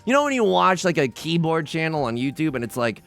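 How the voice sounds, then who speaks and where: A man hosting a let's play, commenting casually on his game with animated, joking remarks, quick restarts and self-mocking asides. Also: fairly high pitch, creaky.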